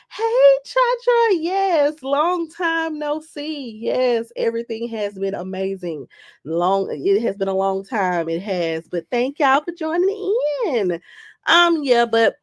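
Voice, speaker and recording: A young woman with a cold, chatting casually and animatedly to viewers on a live stream, repeating phrases and greeting people by name. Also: medium pitch. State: has a cold. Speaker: YouTuber live-streaming to her audience.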